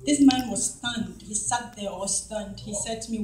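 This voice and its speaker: A middle-aged woman telling a church congregation a testimony, animated and acting out the lines of the people in her story. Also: medium pitch, measured pace. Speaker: church member giving testimony. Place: church hall. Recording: echoey hall, from far off.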